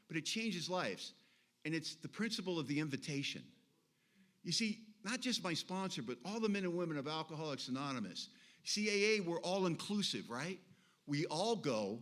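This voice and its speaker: A middle-aged man speaking at a recovery meeting, telling his story in an animated way and acting out the people he quotes. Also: sits high.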